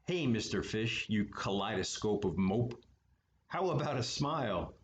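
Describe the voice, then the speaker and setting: A man's voice: on the low side, expressive, unhurried, highs cut off, slight background noise. A man doing a squirmy cheeky squid. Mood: teasing. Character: squirmy slightly impolite female squid.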